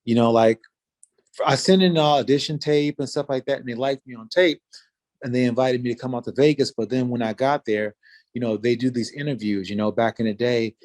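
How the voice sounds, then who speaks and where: Man, 40s, interview guest; relaxed storyteller, mid-pitched, loose and filler-heavy. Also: a little fast. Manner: laid-back, animated retelling with many fillers. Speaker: interview guest, former fighter. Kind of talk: casual storytelling.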